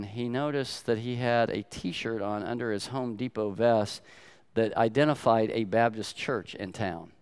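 An older man preaching a sermon, telling stories emphatically with sharp swings in loudness. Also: fairly low pitch, clear, resonant tone. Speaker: pastor.

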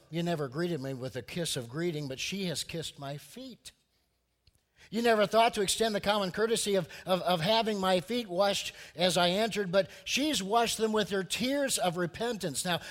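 A man preaching a sermon, telling a story with lively acted-out voices for its people. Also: high-pitched, long reverb tail. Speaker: pastor.

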